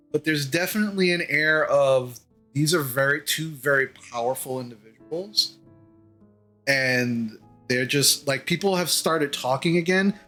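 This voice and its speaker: A man's voice: mid-range voice, bright, forceful tone. A man narrating a tabletop game as game master, hesitant with many fillers.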